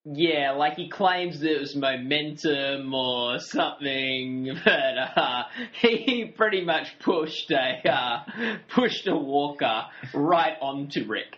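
A man's voice: a little high, lively intonation, slow pace, few pauses, fairly bright tone. A man co-hosting a casual podcast, rambling and chatty and laughing often. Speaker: podcast co-host. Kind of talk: casual recap chat. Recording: dull lo-fi audio.

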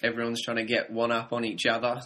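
A man co-hosting a casual film podcast, talking in a thoughtful, measured way with slight hesitations. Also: medium pitch, monotone, sharp tone. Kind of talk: casual film review chat.

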